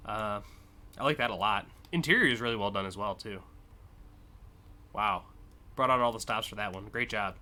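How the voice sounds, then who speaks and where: A man's voice: lowish voice, normal speed, pauses often, pushed and bright. A man streaming live, casually and enthusiastically judging car designs, with frequent fillers and swearing.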